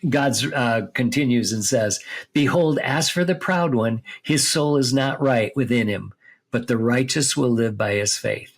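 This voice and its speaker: Husky man teaching scripture conversationally. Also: medium pitch, a little slow. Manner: explains step by step, reads scripture aloud, checks with "okay?" and "right?". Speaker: seminary teacher on a podcast.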